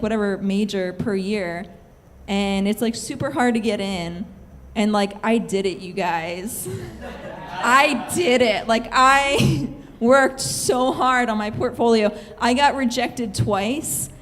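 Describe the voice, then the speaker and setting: A young woman telling a true-life story on stage, chatty and giggly, with lots of filler words. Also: fairly high pitch. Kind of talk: live comic storytelling. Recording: hall reverb, faint room noise.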